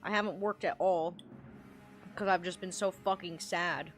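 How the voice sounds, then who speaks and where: A woman's voice: fairly low pitch, fairly even intonation, normal speed, soft background music. A woman streamer in casual livestream chat, ranting and rambling with lots of swearing.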